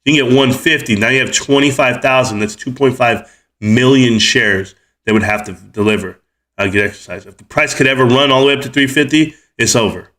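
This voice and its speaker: A man's voice: medium pitch, brisk, bright, forceful tone. A man in his forties ranting heatedly on his livestream about the economy and stocks, cussing as he goes. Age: 40s. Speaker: livestream host.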